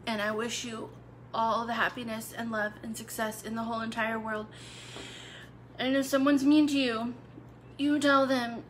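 A woman's voice: fairly high pitch, level tone, normal speed, a little hiss or hum. A young adult woman hosting a cooking video, chatting casually to her viewers with playful asides. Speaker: cooking channel host. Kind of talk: casual live video chat.

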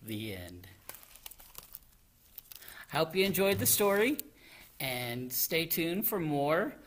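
A man, a children's librarian, reading a picture book aloud from home in an animated, expressive storytelling voice. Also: a little high, slow, slight background noise. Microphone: home recording.

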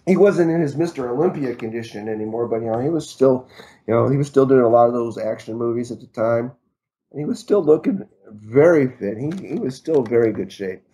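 A man's voice: mid-range voice, fairly quick, dark tone. A middle-aged man, a martial arts instructor, telling a long story in an interview, rambling with fillers and poking fun at himself. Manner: rambling, many fillers and restarts, self-deprecating humor.

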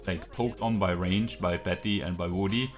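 A man's voice: deep voice, moderate pace, faint music behind. A man reacting live to an esports match, frustrated, swearing, ranting with lots of fillers. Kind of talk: live game reaction commentary.

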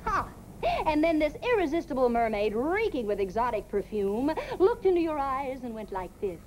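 An actress playing a quick-witted young woman who teases her father in a sarcastic 1950s sitcom style. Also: sits high, very animated, darkish tone, slight background noise, low-quality recording. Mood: teasing. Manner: teasing, sarcastic. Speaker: daughter in a sitcom.

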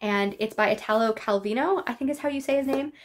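A woman's voice: fairly high pitch, fast. Chatty woman vlogging about books. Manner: chatty, filler-heavy, frequent "like", laughing asides. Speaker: book vlogger. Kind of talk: casual book haul chat.

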